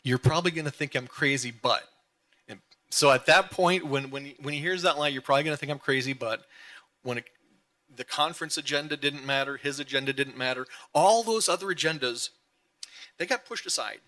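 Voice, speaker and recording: Man, memorial speaker; slightly high, bright voice; earnest, repetitive emphasis, lively mimicry. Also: fairly quick. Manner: earnest, repetitive emphatic phrasing, imitates others with playful pitch jumps. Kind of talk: heartfelt memorial tribute.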